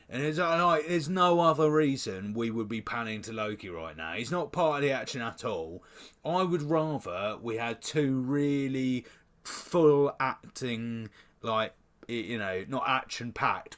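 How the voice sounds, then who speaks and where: British man, young adult, podcast co-host, mid-pitched, animated, ranting, sweary. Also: unhurried. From United Kingdom. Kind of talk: casual chat.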